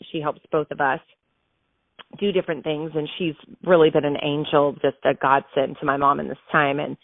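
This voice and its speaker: A woman in her thirties, host of her show, telling a personal story in a casual, emotional and animated way. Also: fairly low pitch, no room sound. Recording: dry tinny phone-like sound.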